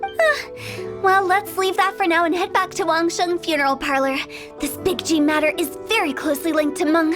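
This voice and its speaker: A woman's voice: extremely high pitch, steady tone, normal speed. A woman voicing a playful, mischievous young funeral director with cheeky sales patter, over game music. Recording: game soundtrack playing under voice.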